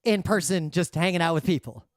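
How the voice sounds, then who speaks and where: A man co-hosting a podcast, explaining points in a measured, explanatory way into a studio microphone. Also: sits high, clean tone, dry recording. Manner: measured, explanatory, adapts his talk for the microphone. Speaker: podcast co-host. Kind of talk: casual discussion.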